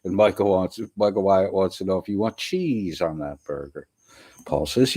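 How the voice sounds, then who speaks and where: A congested man with a sore throat runs a casual livestream. He reads chat comments aloud in a profane, rambling way. His voice sits low, and the sound is dry and close. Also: moderate pace, warm tone, dry recording. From US East Coast. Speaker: livestream host. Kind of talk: casual live-stream chat reading comments.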